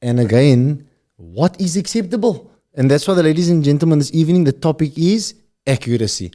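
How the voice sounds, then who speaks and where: A man's voice: on the high side, lively intonation, brisk, dark tone. A man in his thirties with a Cape Town South African accent, hosting a podcast in a rambling, upbeat way that speaks straight to the audience. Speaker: podcast host. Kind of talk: casual chat.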